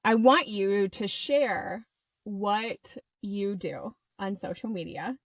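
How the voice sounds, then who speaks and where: A woman from the US hosting a podcast, talking with warm, effusive enthusiasm. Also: mid-range voice, slow, no echo. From United States. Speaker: podcast host and recovery coach. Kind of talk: casual podcast conversation.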